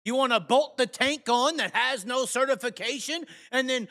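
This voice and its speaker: A man hosting a live show, ranting angrily and cursing, swinging between shouts and mutters. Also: very high-pitched, normal speed, hardly any pauses, big-room sound. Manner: heated, profane, shifts from shouting to muttering. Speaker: host. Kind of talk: angry live rant.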